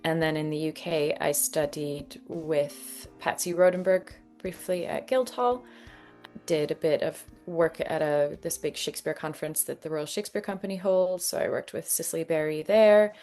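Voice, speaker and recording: A Canadian woman in her thirties, an actress and dialect coach telling her story in an interview, lively and often laughing. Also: deep voice, normal speed, soft background music. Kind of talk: conversational interview.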